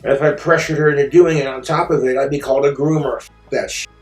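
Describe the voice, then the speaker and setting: Bitter, profane man venting, slightly high voice, replayed clip in a roomy space with faint music. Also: fairly even intonation, fast. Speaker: streamer telling his story. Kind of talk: angry personal rant.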